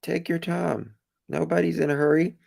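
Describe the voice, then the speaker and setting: A man's voice: on the high side, steady tone, moderate pace, gravelly, a little mellow, dry recording. A man hosting an interview, speaking reassuringly and giving many short backchannel replies. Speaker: podcast host, interviewer. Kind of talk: supportive interview.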